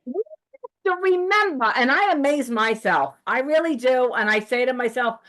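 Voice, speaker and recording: A woman holds forth on a casual podcast, her voice sitting high. She rants in a heated, profane way, jumping into animated storytelling. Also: normal speed. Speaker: podcast host. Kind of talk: casual ranting chat.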